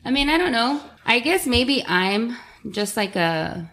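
A woman's voice: a little high, big pitch swings, measured pace, a bit bright. A woman in her thirties, a single mother, talking candidly and emotionally about parenting in a casual podcast chat. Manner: candid, emotional, talks things out.

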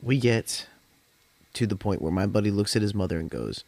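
Gravelly, low-voiced young man rambling. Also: expressive, moderate pace, darkish tone, dry recording. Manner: rambling, profane, chatty. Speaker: podcast host. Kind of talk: casual storytelling. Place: at home during a smoke session. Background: faint lo-fi jazz hop music.

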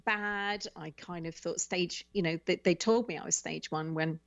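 A woman's voice: on the low side, moderate pace, gravelly, dry recording. A woman in her forties from the UK, a guest author telling her story candidly in a radio interview, often repeating words as she starts. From United Kingdom. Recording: dull, muffled line.

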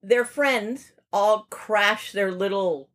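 A woman's voice: mid-range voice, slow pace, fairly bright tone. A woman co-hosting a podcast, recapping a film plot in casual chat with asides. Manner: chatty, recaps plot with frequent asides and laughs. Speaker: podcast co-host. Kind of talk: casual movie review chat.

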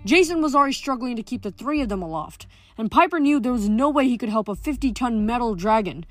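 A woman's voice: fairly high pitch, lively intonation, quick pace, dry recording, faint music behind. A woman reading a novel aloud and chatting about it, often stumbling and correcting herself. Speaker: book reader.

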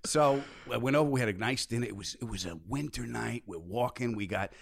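A man as a podcast guest, telling stories in casual chat with loud excited bursts. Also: mid-range voice, brisk, creaky.

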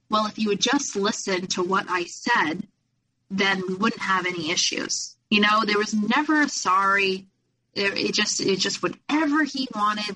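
A young woman, a guest, telling her own story in an earnest, rushed way, full of "you know" and "like". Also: medium pitch, bright, forceful tone, a little hiss or hum, low-quality recording. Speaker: abuse survivor guest. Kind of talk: candid personal storytelling.

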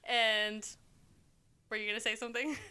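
A woman co-hosting a podcast in casual chat, talkative and quick to laugh, often drifting into side tangents. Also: a little high, flat delivery, very noisy. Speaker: podcast co-host.

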